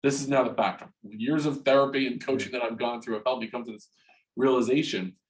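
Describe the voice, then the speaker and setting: A New Jersey man in his forties, appearing as an interview guest, recounts a personal story frankly but haltingly, with restarts, repeated words, and plenty of swearing. His mid-range voice has fairly even intonation, and the audio is poor.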